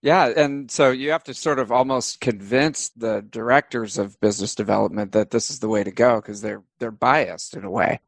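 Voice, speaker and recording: Gravelly male podcast host. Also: medium pitch, moderate pace, few pauses, no room sound. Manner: easygoing, joking with the guest. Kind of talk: casual interview chat.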